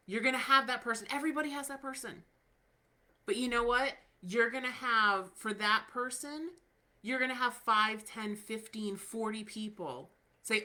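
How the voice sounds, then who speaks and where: A woman's voice: medium pitch, lively intonation, moderate pace, bright, forceful tone. A woman in her thirties hosting a podcast, talking casually and candidly with lots of fillers, encouraging her listeners. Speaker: podcast host.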